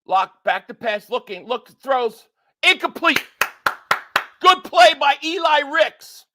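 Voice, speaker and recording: High-voiced excitable fan calling the game. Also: male voice, very noisy. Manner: excitable, quick swings between shouting at calls and flat frustration; repeats himself and stumbles when worked up. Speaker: sports fan streamer reacting live to a game. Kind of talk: live play-by-play reaction and reading viewer chats.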